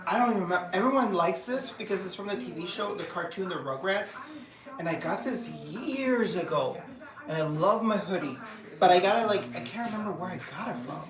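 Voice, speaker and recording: A woman's voice: on the low side, animated, brisk, crowd noise. Chatty woman live-streaming from home. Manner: chatty and rambling, many fillers and restarts. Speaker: livestream host. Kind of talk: casual live-stream chat. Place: room at home. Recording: echoey room, voice a bit far from the mic.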